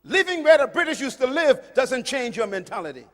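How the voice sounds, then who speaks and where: High-voiced preacher man in a reverberant hall. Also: sing-song, fairly quick. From Caribbean. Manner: emphatic, swinging from loud to hushed. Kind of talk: sermon.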